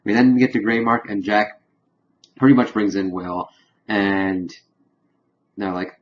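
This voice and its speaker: A man's voice: lowish voice, a little slow, long pauses, dull audio. A man giving a casual spoiler recap review of a TV episode, loosely retelling scenes with "he's like" quotes and fillers. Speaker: TV show reviewer.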